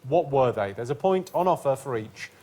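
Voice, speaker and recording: A man hosting a comedy quiz, delivering scripted deadpan one-liners in a TV studio. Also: medium pitch, moderate pace. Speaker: quiz host. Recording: TV studio with audience laughter. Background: studio audience laughing.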